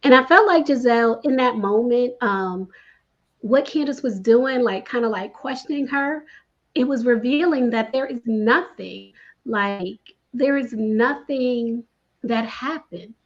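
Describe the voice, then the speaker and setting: A woman's voice: a little high, measured pace, muffled recording. A woman guest in a casual recap chat, talking emphatically and repeating her points. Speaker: guest commentator.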